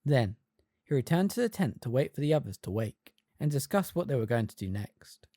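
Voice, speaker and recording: A fan reader narrating an audiobook with expressive storytelling. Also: mid-range voice, a little fast, no echo, studio quality. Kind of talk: scripted narration.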